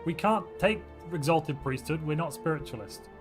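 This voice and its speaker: This chatty male streamer gives casual livestream gameplay commentary in a slightly high, animated voice at a moderate pace. He reads viewer chat aloud and reacts, playfully musing while he weighs options, with faint music behind him.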